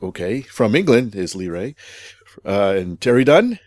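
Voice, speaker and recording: A man's voice: lowish voice, very animated, unhurried, darkish tone, dry recording, clean studio sound. A man hosting a hobby podcast, opening with playful, jokey introductions in casual chat. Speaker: podcast host.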